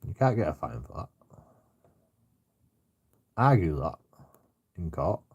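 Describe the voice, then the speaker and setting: A man, telling a rambling story in casual chat, swearing heavily and filling every pause with "you know". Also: low-pitched, big pitch swings, a little mellow, husky, muffled recording. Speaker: storyteller recounting his own troubles.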